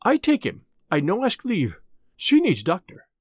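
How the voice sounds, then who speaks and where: A man voicing a fierce young foreign maid who speaks in broken English, in a high, slow voice. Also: huge pitch swings, a little mellow, husky, dry recording, studio quality, full character voice. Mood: defiant. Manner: broken English, short blunt phrases.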